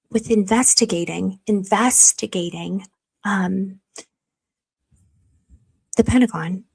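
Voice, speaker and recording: Woman, livestream host, casual commentary, chatty, reads viewer comments, gushing, average pitch. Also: husky. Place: warm room at home.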